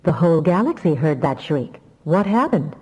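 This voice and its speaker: A woman reading an audiobook, voicing a calm and wise older woman who speaks briskly. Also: sits low, husky, long reverb tail, full character voice, low-quality recording. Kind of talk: audiobook character voice.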